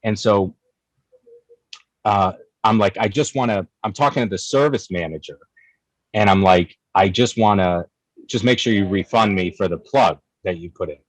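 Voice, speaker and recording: A young man telling a story in casual chat, animated and profane, acting out both sides of an argument. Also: fairly low pitch, normal speed, dry recording, rough recording. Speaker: guest, cigar company figure.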